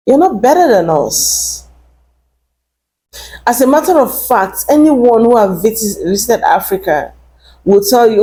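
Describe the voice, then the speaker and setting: A woman's voice: a little high, animated, unhurried, warm tone. A woman vlogger talking to camera in an opinionated rant, emphatic and indignant, repeating her points.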